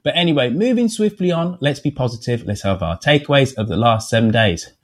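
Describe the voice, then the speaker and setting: A man's voice: medium pitch, fairly quick. A middle-aged man from England with a British accent, hosting a casual podcast chat and stumbling over repeated words when he gets going. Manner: lively, chatty, repeats words when excited. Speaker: podcast host.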